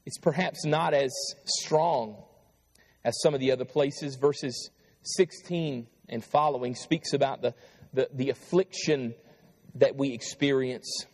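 A male pastor preaching a sermon, reading scripture aloud with pleading intensity that swells and then falls quiet. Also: mid-range voice, fairly even intonation, unhurried, long reverb tail. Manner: impassioned, rising to pleading cries then dropping quiet.

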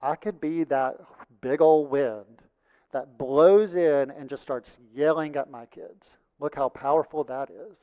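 A man preaching a sermon and reading Scripture, emphatic, swinging from loud passages to hushed ones. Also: fairly high pitch, unhurried. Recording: dull lo-fi sound with long hall reverb.

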